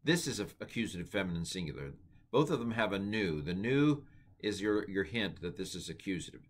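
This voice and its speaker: A man giving a casual Bible Greek lesson, thinking aloud with many fillers and slowly repeating words to try out their pronunciation. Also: deep voice. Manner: relaxed, thinking aloud with many ums and uhs. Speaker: Greek teacher. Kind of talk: informal Bible language lesson.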